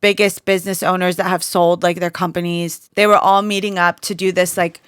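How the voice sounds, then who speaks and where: A woman co-hosting a casual podcast chat, an animated storyteller who fills her talk with "like". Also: fairly low pitch, a little fast, clean tone, no echo, studio quality. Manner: animated storyteller, says "like" constantly. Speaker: podcast co-host.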